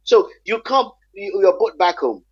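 Man, husky and slightly high, earnest emphatic talker, dry dull lo-fi sound. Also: lively intonation, unhurried, no room sound. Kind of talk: conversational discussion.

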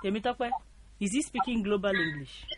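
A woman from Nigeria, hosting a radio interview, lively and quick to tease her guest. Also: mid-range voice. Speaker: radio host. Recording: noisy radio studio line.

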